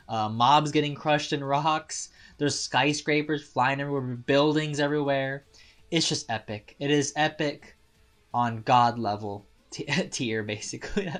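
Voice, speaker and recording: With a mid-range voice, a man casually recaps and reviews an anime episode. He's excitable, laughs often and keeps restarting his sentences.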